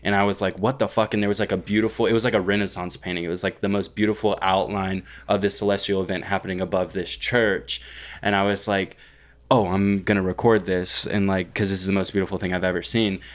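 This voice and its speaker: Young man, very low voice, smooth and clear, rambling, swears a lot, casual podcast chat. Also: level tone, fast. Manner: rambling, heavy swearing and fillers. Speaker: podcast co-host. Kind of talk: casual chat, telling a dream.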